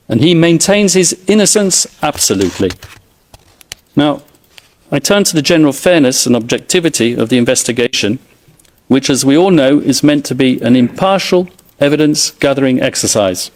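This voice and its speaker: A middle-aged man giving a formal, emphatic courtroom opening statement as defence counsel, with pointed sarcasm. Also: fairly high pitch.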